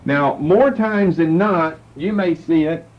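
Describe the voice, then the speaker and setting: A man's voice: fairly high pitch, takes it slowly. A man teaching a Bible class and patiently walking listeners through verses and Hebrew words. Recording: dull lo-fi lecture recording with faint noise.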